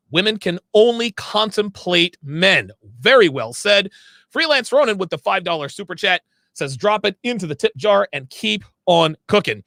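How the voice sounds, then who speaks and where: Lively, gravelly-voiced man hosting a livestream. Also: high-pitched, dry recording, studio quality. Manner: emphatic, blunt, stops to fix his own words. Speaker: livestream host reading viewer chats. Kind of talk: casual livestream talk.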